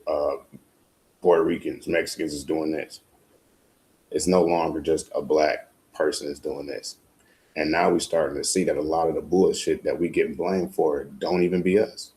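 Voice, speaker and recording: A man with a very low, gravelly voice. His tone is dark and heavy. He talks bluntly and profanely, hammering his points home. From United States. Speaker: podcast host. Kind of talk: casual monologue.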